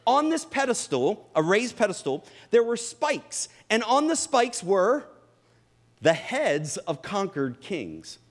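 A man's voice: high-pitched, slow pace. A middle-aged man preaching a sermon in church, joking with the congregation and telling funny family stories. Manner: animated, jokes with the congregation. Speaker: pastor. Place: church before a live audience.

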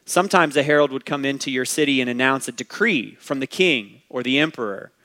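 A man preaching a sermon, reading scripture and explaining it, with emphatic rises and quiet asides. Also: medium pitch, fairly quick. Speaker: pastor.

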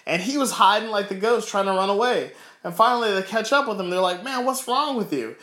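Fervent male preacher, high voice, emphatic repeats, roomy echo. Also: quick pace, pushed and bright. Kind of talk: sermon with closing prayer.

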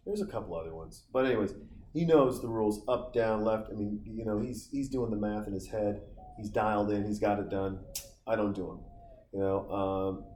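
A Montana man in his forties spins a profane, rambling string of stories outdoors during a summer vacation, drifting off on tangents. His fairly low voice is a little mellow, with a little hiss or hum and a roomy sound carrying faint ambience.

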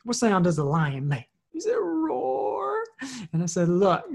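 A woman giving a motivational talk, telling a personal story in an energetic, conversational way and often repeating words. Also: fairly low pitch, husky. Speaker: motivational speaker.

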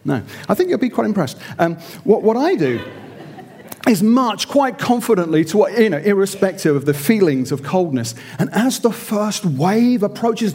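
A man's voice: high-pitched, darkish tone. A middle-aged man telling a self-mocking story in a theatrical, sermon-like style. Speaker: speaker.

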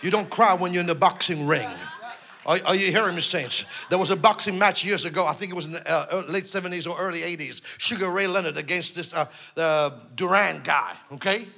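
A man preaching a sermon who shouts call-and-response lines to the congregation, then drops to a quiet storytelling tone. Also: sits high, brisk, vocal fry. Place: church service.

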